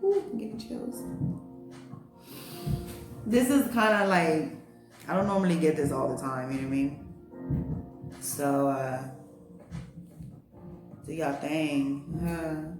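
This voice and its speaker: A woman's voice: low-pitched, takes it slowly, long pauses. A woman giving a casual spiritual astrology reading, chatty and heartfelt, with lots of fillers and slang. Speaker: astrology and tarot reader. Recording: roomy echo, faint music behind.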